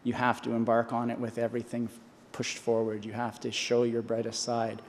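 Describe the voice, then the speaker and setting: A man's voice: mid-range voice, monotone, moderate pace. A man in his forties giving an earnest commencement speech from a podium, often restarting and repeating himself. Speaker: honorary doctorate speaker. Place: large convocation hall. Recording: long hall reverb.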